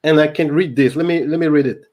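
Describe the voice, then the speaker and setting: A man whose first language is French hosts an interview in English with a French accent. His voice sits a little high for a man, and he talks hesitantly, often pausing on "uh" and starting his sentences over. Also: dull audio. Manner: hesitant, many "uh" and restarts. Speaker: host. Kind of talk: conversational interview.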